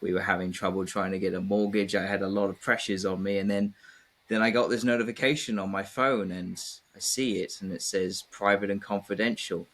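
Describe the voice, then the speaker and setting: A man's voice: on the low side, steady tone, brisk, a bit bright. A man from England, a guest in a casual conversation, speaking reflectively with frequent fillers. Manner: reflective, many fillers and hesitations.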